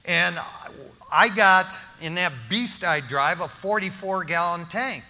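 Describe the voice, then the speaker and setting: Bright-voiced older preacher in a reverberant hall. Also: male voice, sits high, takes it slowly. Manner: animated, joking, with restarts and acted-out dialogue. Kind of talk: storytelling sermon testimony. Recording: long reverb of a large hall.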